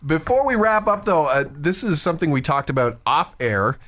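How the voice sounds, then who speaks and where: A man in his thirties co-hosting a podcast, with a slightly high, lively voice. He tells stories in quick bursts and laughs easily. The talk is loose and casual. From Canada. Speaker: podcast co-host, voice actor. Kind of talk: casual chat.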